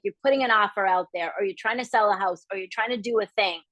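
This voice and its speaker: Candid woman coaching, fairly high voice. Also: no room sound. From Boston area, Massachusetts. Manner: candid, animated, acts out quoted voices. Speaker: business coach. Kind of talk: live masterclass talk.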